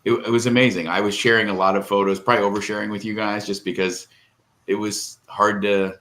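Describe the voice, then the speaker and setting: A man's voice: fairly low pitch, level tone, fairly quick, a bit bright. A middle-aged man co-hosting a podcast, telling a long, rambling, emotional story in casual chat and tearing up. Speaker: podcast co-host.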